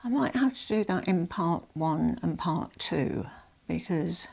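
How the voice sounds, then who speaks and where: Chatty older woman with a gravelly low voice. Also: animated, a little slow, a little mellow. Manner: chatty, rambling, self-correcting. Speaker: fashion vlogger. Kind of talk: casual chat to camera. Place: at home.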